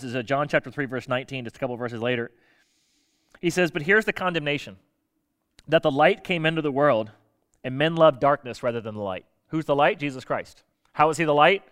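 Smooth-voiced conversational male preacher. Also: a little high. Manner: conversational and lively, acting out quoted voices; explaining Bible verses with everyday examples. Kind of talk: sermon.

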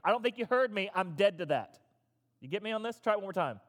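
Man, pastor, emphatic sermon, fairly high voice, long hall reverb. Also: animated, racing, a bit bright. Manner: emphatic, repetitive, coaxes the audience to respond. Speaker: pastor leading a recovery group. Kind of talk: interactive sermon. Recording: echoey hall.

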